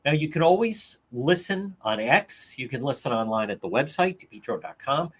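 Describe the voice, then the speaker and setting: Husky, lively talk radio man. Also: on the high side, moderate pace. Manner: rambling, repeats phrases for emphasis. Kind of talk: live talk radio livestream.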